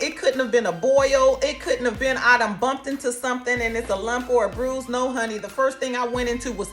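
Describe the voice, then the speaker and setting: A woman, telling her own cancer story in a casual, expressive, folksy way. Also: on the high side. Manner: animated, expressive, folksy, calls listeners honey.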